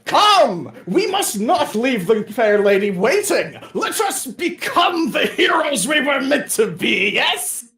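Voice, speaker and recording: A woman's voice: sing-song, slow pace, few pauses, a bit bright, full character voice. A woman voicing an over-eager, grandly formal female knight lieutenant in a tabletop game. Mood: grandly hearty. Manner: booming, overly formal proclamations. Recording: roomy echo.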